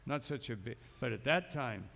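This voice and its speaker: Expressive and a bit bright, with vocal fry, a man's mid-range voice carries a morning sermon at normal speed. As a monk lecturer in a temple hall, he tells stories, reads passages aloud, then breaks in with asides, all within a long echoing space.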